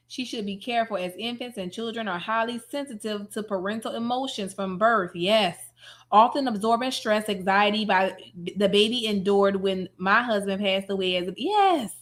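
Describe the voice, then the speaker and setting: A woman streamer giving sassy, mocking reaction commentary, heavy on slang and loud laughter. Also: mid-range voice, moderate pace.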